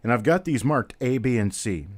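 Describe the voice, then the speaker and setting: A man's voice: mid-range voice, animated, normal speed, no echo. A man hosting a live-stream coin auction, chatty, calling out bidders and prices one after another. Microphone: webcam on a stand.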